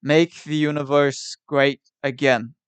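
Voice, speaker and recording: Blustery older New York politician impression by a man, slow delivery, slightly higher voice. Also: level tone, smooth, no room sound. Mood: slogan. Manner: slow, drawn-out slogan delivery.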